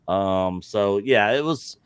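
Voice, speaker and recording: A man's voice: on the low side, takes it slowly, clean tone, dry recording. A man co-hosting a casual live stream, rambling through recollections full of fillers and restarts. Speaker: co-host.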